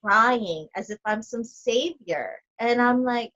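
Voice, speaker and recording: Animated woman guest, bright and high, filler-heavy casual storyteller, lo-fi sound. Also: slow, hardly any pauses. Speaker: podcast guest, coaching client. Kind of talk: casual chat.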